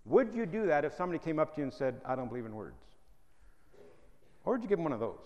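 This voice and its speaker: A man's voice: on the high side, darkish tone, dull audio. A man preaching a sermon, joking at times and pressing his listeners with rhetorical questions. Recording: hall reverb.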